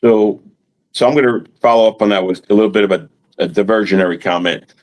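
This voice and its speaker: A man's voice: lowish voice, quick pace. A man from New Jersey with a Jersey accent, co-hosting a sports radio show in a rambling, chatty way with frequent restarts. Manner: rambling, restarts often, chuckles. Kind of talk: casual sports talk.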